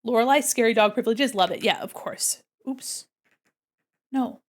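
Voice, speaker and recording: A woman's voice: fairly high pitch, normal speed. A woman livestreaming while she draws, chatting playfully and talking through each step of her work. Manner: chatty, narrates her own actions, playful. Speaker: livestreaming artist. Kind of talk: casual chat while drawing.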